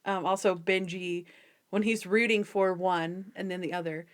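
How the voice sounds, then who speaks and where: A woman hosting a podcast, chatting casually and acting out scenes with lively quoted voices. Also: on the low side, moderate pace. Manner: animated, acts out scenes in character voices. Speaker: podcast host. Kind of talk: casual chat.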